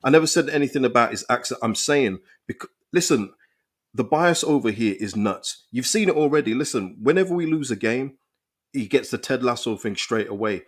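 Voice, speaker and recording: A young man hosting a casual football live stream, reading viewers' comments and reacting with animated, restart-filled talk. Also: mid-range voice, normal speed. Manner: animated, thinks aloud with frequent restarts and repeated words. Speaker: football channel host reading live chat.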